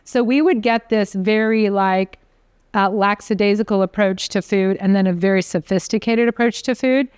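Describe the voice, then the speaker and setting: Her voice is medium-pitched and smooth, at normal speed, captured in clean studio sound with no room sound. A chef from an Italian American family, she co-hosts a podcast, casually telling rambling, animated family food stories and trailing off mid-sentence.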